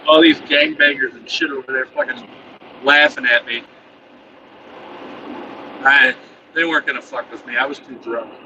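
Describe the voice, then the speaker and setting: A man's voice: medium pitch, fairly even intonation, moderate pace, pauses often, muffled recording. A man telling a rambling, profane story in a casual chatty way, chuckling now and then, from inside a truck cab. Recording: distant mic with loud vehicle noise.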